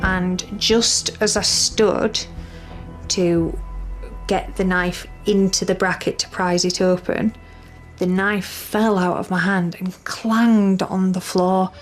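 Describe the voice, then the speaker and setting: A woman's voice: lowish voice, fairly even intonation, slow pace. A woman with a British accent giving a documentary interview, earnestly retelling her own experience and voicing her inner thoughts. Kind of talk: documentary interview, first-person account. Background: faint music.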